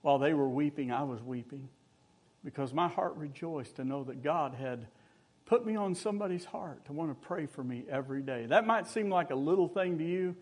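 An older man preaching from the pulpit, his voice sitting a little high for a man. He tells homespun stories with a light, joking touch, then lifts into earnest exhortation. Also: lively intonation, normal speed, breathy edge. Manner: folksy storytelling with humor and rising exhortation. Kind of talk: sermon.

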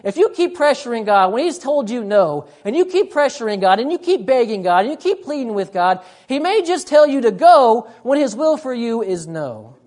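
A woman's voice: a little high, very animated, moderate pace, few pauses, darkish tone. A woman preacher delivering a sermon, emphatic, repeating her points and often urging "listen".

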